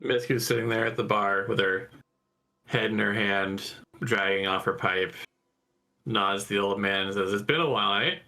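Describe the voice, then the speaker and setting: A man narrating his character's actions in a tabletop game, loud and drawn out. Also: fairly low pitch, normal speed, gravelly. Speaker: player.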